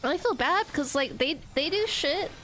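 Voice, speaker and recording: A woman's voice: high voice, expressive, normal speed, fairly bright tone, slight background noise, rough recording. A young woman streamer venting in casual chat to her viewers, swearing often and stumbling over her words. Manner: ranting, frequent swearing and restarts.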